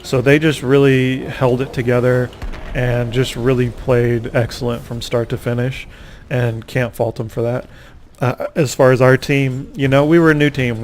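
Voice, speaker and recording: Rambling gamer guy, mid-pitched voice. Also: a little mellow, a little hiss or hum. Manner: rambling, self-mocking, reacts aloud to the game. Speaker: gamer recapping a tournament. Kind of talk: casual commentary over gameplay.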